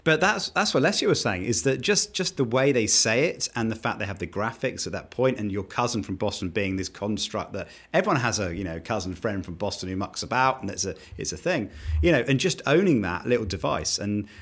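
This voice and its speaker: British guy, quick and chatty, kinda rambles, easygoing. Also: lowish voice, lively intonation, fairly bright tone, slightly rough. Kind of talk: casual conversation.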